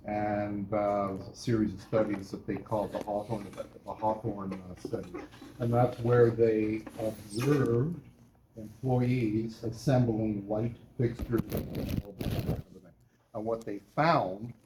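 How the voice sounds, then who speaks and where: A male university lecturer with a lowish, steady voice speaks at a measured pace in a lecture hall, interacting with students and frequently checking in with "right?". The classroom is echoey, recorded from a distance, with a noisy background.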